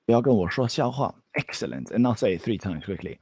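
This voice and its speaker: A man teaching Mandarin phrases one on one, patient, modeling them slowly and laughing often. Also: fairly low pitch, lively intonation, a little mellow, slightly rough. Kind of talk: one-on-one language lesson.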